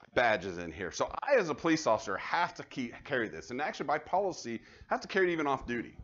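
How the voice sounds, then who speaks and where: A man, a police officer giving a live safety training talk, conversational and animated as he tells stories to the audience. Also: on the high side, muffled recording. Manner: conversational, animated storytelling, addresses the audience directly. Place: university room before an audience.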